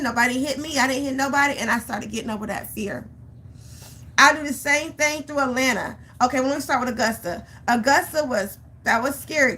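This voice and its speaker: Woman vlogger, motivational chat, bright higher voice, acts out her stories. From Georgia, US. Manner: animated storytelling, acts out her own panic; repeats phrases for emphasis. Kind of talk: motivational vlog talk.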